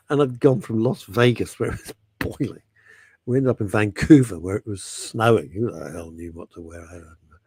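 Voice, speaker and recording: A man's voice: fairly low pitch, moderate pace, darkish tone, slight background noise. A middle-aged man hosting a radio show, chatting and telling stories in a jokey, rambling way. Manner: chatty, jokey storytelling, reading out listener messages. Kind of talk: casual radio chat.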